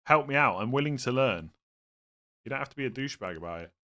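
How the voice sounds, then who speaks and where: A young man hosting a casual live stream, reading viewer questions aloud and thinking out loud with self-mocking humor. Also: mid-range voice, expressive, fast.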